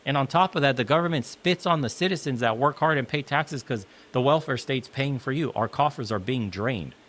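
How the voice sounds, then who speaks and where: In a clip played from another video, a male commentator delivers a blunt, heated, profanity-laced opinion rant. His mid-range voice is a bit bright and a little fast.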